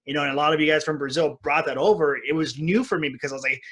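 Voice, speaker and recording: A man from the United States hosting a podcast, chatting casually and relaxed, with plenty of "like". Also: fairly high pitch, racing, hardly any pauses, husky. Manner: relaxed, filler "like". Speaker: podcast host. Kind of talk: casual chat.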